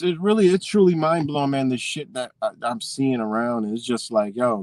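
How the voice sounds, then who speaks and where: A man's voice: medium pitch, darkish tone, dry recording. A man hosting a live stream, ranting in a heated, rambling way with a lot of profanity. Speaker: livestream host. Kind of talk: unscripted live-stream rant.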